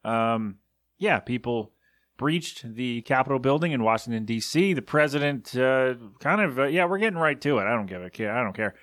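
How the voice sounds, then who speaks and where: A male podcast host rambles through a solo monologue, dry and sarcastic, often exasperated. His voice sits at a middle pitch, and the recording is dry and close, with no room sound. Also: lively intonation, moderate pace, fairly bright tone, no echo.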